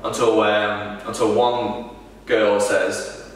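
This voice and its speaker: Man, wrestler, halting casual answers, lowish voice, echoey room, off-mic. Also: a bit bright, distant mic. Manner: halting, many restarts and fillers. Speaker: wrestler being interviewed.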